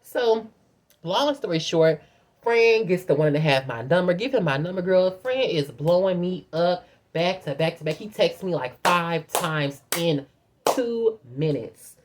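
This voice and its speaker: A young woman vents to her viewers in a casual storytime rant, blunt and heavy on swearing. Her voice sits fairly low, yet it swings widely up and down as she acts out what others said. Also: unhurried, a little hiss or hum. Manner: profane, blunt, animated storytelling with put-on quotes. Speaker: vlogger.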